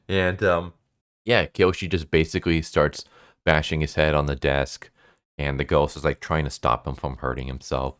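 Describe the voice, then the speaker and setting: A man's voice: rumbling low, flat delivery, moderate pace, no echo, clean studio sound. A man giving a casual, rambling plot recap of a manga, full of "like" fillers. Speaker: manga reviewer.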